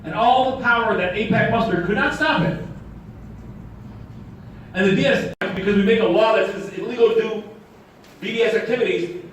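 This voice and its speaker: Rabbi preaching in an echoey hall. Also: male voice, extremely high pitch. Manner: storytelling with humor and rhetorical questions. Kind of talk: sermon. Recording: echoey hall, distant mic, faint noise.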